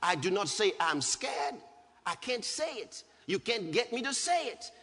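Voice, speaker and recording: High, husky preacher man in a hall. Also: big pitch swings, moderate pace, pushed and bright, a little hiss or hum. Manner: emphatic, repeats his points. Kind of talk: sermon. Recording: hall reverb with faint music.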